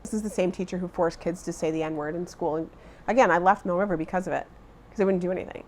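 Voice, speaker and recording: A middle-aged woman speaking as an education advocate in an interview, measured, earnest and emphatic. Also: on the low side, fairly even intonation, a little hiss or hum.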